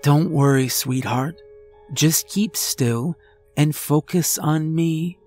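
A man's voice: a little high, takes it slowly, darkish tone, faint music behind, pitched above the performer's own voice. A man voicing a sweetly menacing female nurse who soothes and mocks her patient. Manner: soothing, mocking.

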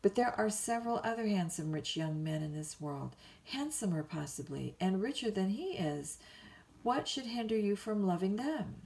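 A woman's voice: mid-range voice, expressive, normal speed, gravelly, darkish tone. A woman reading a bedtime story, voicing a blunt middle-aged housekeeper who answers in a dry, scolding way. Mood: tart.

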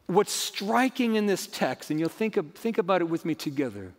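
Male pastor, fairly high voice, emphatic sermon delivery, echoey church sound. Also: animated, moderate pace. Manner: emphatic preaching, rising and falling dramatically. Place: church sanctuary.

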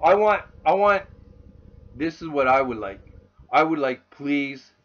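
A man's voice: on the high side, lively intonation, a little slow. Furious swearing man ranting. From Canada. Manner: furious, swearing constantly, raw. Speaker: vlogger. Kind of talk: angry profane rant. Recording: dull lo-fi recording.

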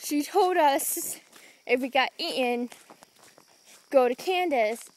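A woman's voice: sits high, slow, poor audio. A young woman chatting in an easygoing way while walking outdoors at night, recorded on a handheld phone. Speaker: vlogger. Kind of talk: casual chat while walking. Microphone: handheld phone camera.

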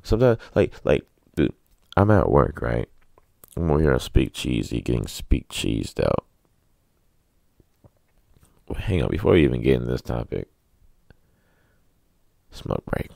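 A man's voice: very deep voice, animated, normal speed, creaky, pauses often, darkish tone, no room sound, studio quality. A man hosting a solo podcast, rambling through crude, joking, self-mocking rants. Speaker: podcast host.

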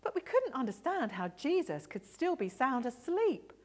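A woman voicing an excited adult male fisherman apostle, retelling an adventure in an animated, breathless way. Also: high voice, moderate pace, pitched above the performer's own voice. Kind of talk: all-age church story role-play.

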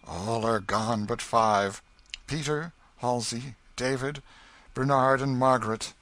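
A man doing a slow, grave nobleman. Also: medium pitch, fairly bright tone, dry recording, pitched above the performer's own voice. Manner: slow, heavy, solemn delivery. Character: grave, sorrowful younger brother, nobleman.

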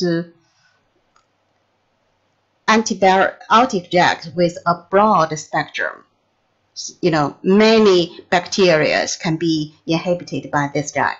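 Slow, halting woman lecturing. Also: lowish voice, dull audio. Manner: halting, many restarts and fillers, non-native phrasing. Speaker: pharmacology lecturer. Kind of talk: recorded lecture.

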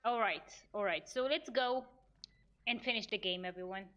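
A woman's voice: mid-range voice, moderate pace, fairly bright tone, lo-fi sound. A woman streaming a game, chatting playfully and talking to herself as she plays. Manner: playful, mock-outraged, talks to herself while playing. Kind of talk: casual gaming stream chat.

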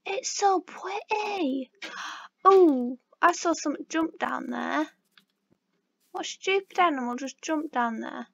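A high-pitched British woman rambles playfully through a game, talking slowly with silly asides. The recording is a little dull and lo-fi, with faint game music underneath. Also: gravelly, fairly bright tone, no echo. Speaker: gaming vlogger. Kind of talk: casual gameplay commentary.

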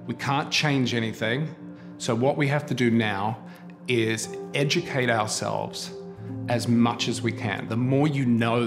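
Man in his 40s, candid storytelling, interview, steady music underneath. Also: medium pitch. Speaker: producer and HIV advocate. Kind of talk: personal testimony interview. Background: music bed.

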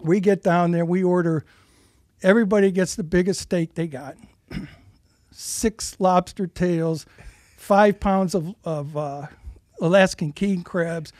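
A man telling a story in a lively, profane way as a podcast guest, recorded in a showroom. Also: sits high, slow, no echo, clean studio sound. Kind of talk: casual storytelling chat. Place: rug and carpet showroom.

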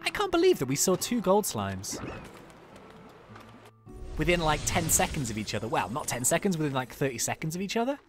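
Lively, excitable gameplay commentator. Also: mid-range voice, brisk, pauses often, faint music behind. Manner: excitable, chatty, laughs often. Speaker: let's-play host.

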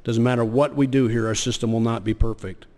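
A man's voice: mid-range voice, fairly even intonation, a little fast, a little mellow. A man, a state senator, giving a floor speech in a legislative chamber, hesitant with many fillers and restarts. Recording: long hall reverb.

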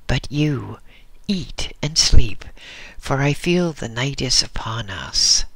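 A man voicing an ancient, blind male hermit, gentle and humble, with a dry, scarcely used voice and a measured, solemn, kindly way of speaking. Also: mid-range voice, animated, no echo, exaggerated voice.

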